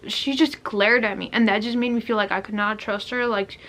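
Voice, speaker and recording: A young adult woman vlogger rambles casually through a storytime video, constantly restarting sentences and leaning heavily on "like." Her voice is medium in pitch and fairly bright, with brisk delivery and fairly even intonation.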